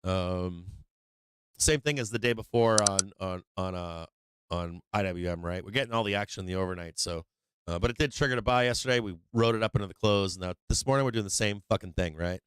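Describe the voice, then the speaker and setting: A man hosting a live trading stream, talking casually and excitedly, swearing freely and laughing often. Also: sits low, brisk, smooth, no room sound. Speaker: livestream trading host. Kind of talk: casual livestream chat.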